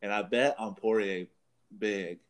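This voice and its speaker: Guy with a lowish voice rambling thru a story, swears a lot, laughs at himself, super casual. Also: steady tone, measured pace. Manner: rambling, profane, laughs through his story. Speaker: podcast co-host.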